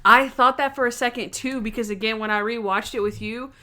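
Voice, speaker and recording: A podcast co-host recaps a TV episode in casual chat, animatedly acting out scenes with quoted voices and laughing often. Her voice is a little high and sharp, fairly quick, with fairly even intonation.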